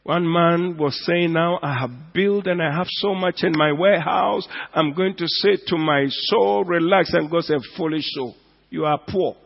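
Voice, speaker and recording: Male pastor, high voice, preaching with big swings from quiet to loud, dull lo-fi church recording with long reverb. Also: measured pace, creaky. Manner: swings from hushed to loud, drawing out words for emphasis. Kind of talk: sermon.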